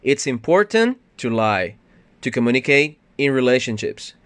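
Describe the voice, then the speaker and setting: Male ESL teacher, mid pitch, patient walkthrough, dry close mic. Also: very animated, normal speed, fairly bright tone, smooth, no echo. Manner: patient, explains step by step with fillers. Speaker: English teacher. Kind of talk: recorded grammar lesson.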